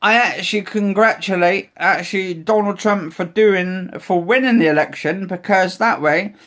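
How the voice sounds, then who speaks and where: A man's voice: high-pitched, moderate pace, fairly bright tone. A man chatting casually in a vlog, rambling with many restarts. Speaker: vlogger. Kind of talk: casual chat.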